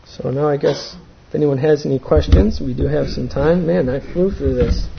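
Man, gravelly and husky, sharing his story in a halting, earnest way; slightly high voice, muffled lo-fi sound. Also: a little hiss or hum. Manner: earnest, halting, many fillers. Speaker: speaker giving a talk. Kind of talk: personal testimony talk.

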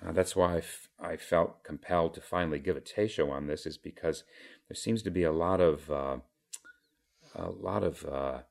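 A man giving a Zen dharma talk as teacher, in a measured, halting way with many pauses and fillers. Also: low voice, creaky, a little mellow.

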